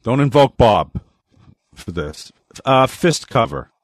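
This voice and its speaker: A man's voice: mid-range voice, sing-song, takes it slowly, no echo, studio quality. A man co-hosting a podcast, chatting casually, teasing his co-host and reading out listener questions. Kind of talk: casual chat.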